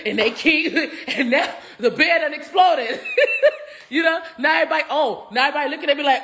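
Animated, laughing woman in her thirties. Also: high voice, normal speed. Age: 30s. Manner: animated, swears freely, laughs often. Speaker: reality TV cast member. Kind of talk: casual interview chat.

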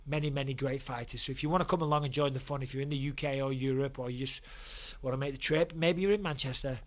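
A man's voice: mid-range voice, steady tone, fast. A man in his forties, hosting a casual vlog rant, blunt and profane, heated about the topic. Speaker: YouTube host, former fighter.

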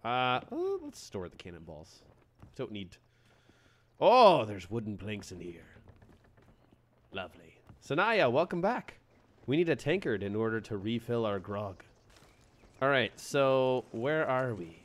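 A man live-streaming a game, excitable and playful, greeting viewers by name and joking in pirate talk. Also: mid-range voice, measured pace, long pauses.

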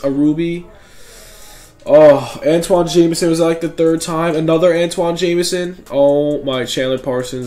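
A young man giving casual commentary while opening game packs, excitable, swinging from gloomy muttering to shouted joy. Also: fairly high pitch. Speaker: gaming YouTuber.

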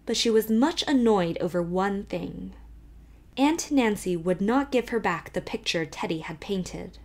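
Female audiobook narrator, steady expressive reading, middle pitch. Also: unhurried. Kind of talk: scripted narration.

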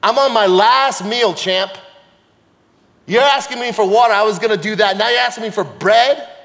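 A man voicing a tough, defiant widowed woman with a brash New Jersey accent, talking rough and streetwise. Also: high-pitched, normal speed, fairly bright tone. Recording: long hall reverb, church sanctuary.

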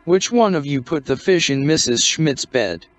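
A man voicing a gruff, stern ship's captain who speaks curtly and blusters at the boys in mock severity. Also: fairly high pitch, expressive, normal speed, lightly acted. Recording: dull, muffled lo-fi recording.

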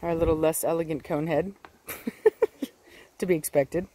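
A woman's voice: deep voice, fairly even intonation, unhurried, dark tone, poor audio. A woman with a Texan accent chatting casually outdoors in a vlog, talking to her dogs. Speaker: dog breeder vlogger. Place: outdoors in a windy yard. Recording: faint wind noise outdoors.

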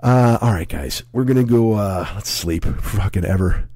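A man in his forties with a hoarse, sick voice, rambling and swearing through a casual podcast monologue at home. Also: low voice, normal speed, hardly any pauses, dark tone, dry recording. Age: 40s. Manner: profane, rambling, self-deprecating. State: hoarse, sick with a sore throat. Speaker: comedy podcast host.

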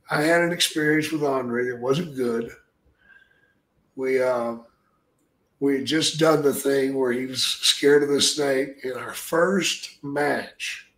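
A man's voice: mid-range voice, fairly bright tone. An older man, a retired wrestler guesting on an interview, telling blunt stories packed with swearing. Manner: blunt, heavy swearing, drawn-out storytelling. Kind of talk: profane storytelling. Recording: roomy echo.

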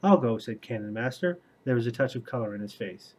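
Man, husky tone, casual book vlogger, rambling chat, reads aloud. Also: mid-range voice, steady tone, brisk, darkish tone, rough recording. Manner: rambling, conversational.

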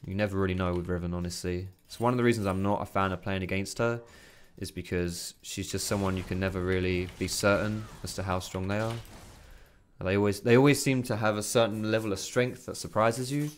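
A man's voice: deep voice, fairly even intonation, brisk, a little hiss or hum. A young man giving loose, chatty commentary on his own gameplay from his bedroom, swearing freely. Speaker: gaming commentator. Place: bedroom at home. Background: keyboard and mouse clicks.

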